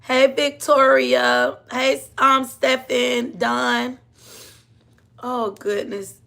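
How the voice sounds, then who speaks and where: A woman's voice: sits high, little pitch movement, very slow, creaky, a bit bright. A woman hosting a casual livestream, chatting with viewers, laughing often and calling them honey and baby. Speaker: livestream host.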